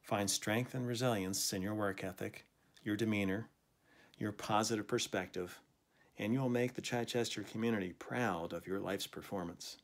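A man teacher delivering a scripted farewell speech to graduating students in a measured, formal way. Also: on the low side, steady tone.

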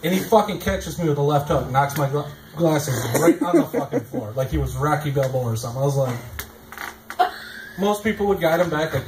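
A man's voice: fairly high pitch, animated, a little fast. A man performing a stand-up comedy set in a small club, telling crude, profane stories and acting out quotes. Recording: echoey club with audience noise.

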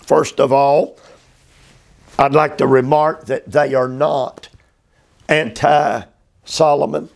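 A male preacher giving a slow expository sermon, drawing out phrases emphatically and often repeating words. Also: medium pitch, steady tone, creaky, darkish tone. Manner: drawn-out, emphatic phrasing with repetitions. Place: motel room.

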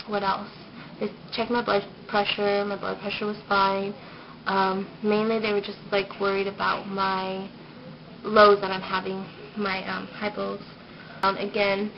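A young woman giving a casual pregnancy update vlog, shy and rambling with lots of ums, getting over a cold. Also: medium pitch. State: recovering from a cold. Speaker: vlogger. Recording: dull lo-fi home video with noise.

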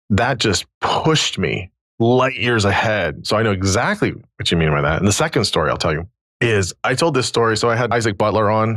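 Gravelly, husky-voiced man telling stories. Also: on the low side, dry recording. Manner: animated, acts out quoted dialogue. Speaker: podcast host and therapist. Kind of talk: conversational storytelling.

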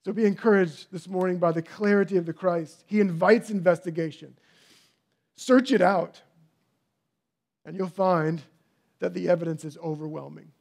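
A man's voice: sits high, normal speed, vocal fry, long pauses, a little mellow. A man pastor preaching a sermon, building fervor through repeated phrases. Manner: preaching with rising fervor and repetition.

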